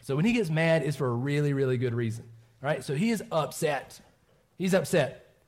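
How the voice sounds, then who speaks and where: A man's voice: a little high, moderate pace. A man giving a children's sermon at church, asking the kids questions and checking in with "right?" after his points. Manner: animated, asks kids questions, tags lines with "right?". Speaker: pastor giving a children's message.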